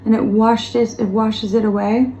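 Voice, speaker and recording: A woman giving a tarot reading straight to the viewer, talking gently and reassuringly and repeating words for emphasis. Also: fairly high pitch, flat delivery, normal speed, highs cut off. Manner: speaks of spiritual guidance. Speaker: tarot reader. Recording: roomy echo, faint background noise.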